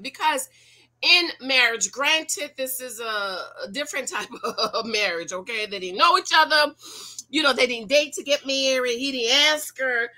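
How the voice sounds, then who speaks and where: A woman in her forties talks straight to her viewers, firing rhetorical questions and preaching her opinions. Her voice is bright and sits a little high. She sounds casual and animated throughout. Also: normal speed. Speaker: YouTube commentator. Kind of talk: casual reaction commentary.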